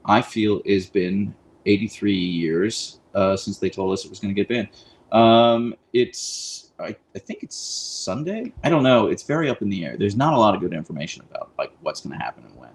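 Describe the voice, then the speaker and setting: A man hosting a casual live stream, rambling in a friendly way with lots of fillers, speaking into a boom mic. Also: animated, normal speed, rough recording. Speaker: livestream host.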